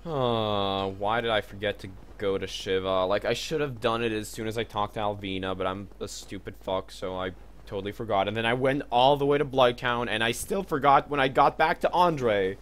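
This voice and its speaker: A man's voice: lowish voice, normal speed, a bit bright, a little hiss or hum. A young man streaming a video game, chatting casually with viewers in a loose, joking way, swearing and filling gaps with "like" and "um". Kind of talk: casual live-stream commentary.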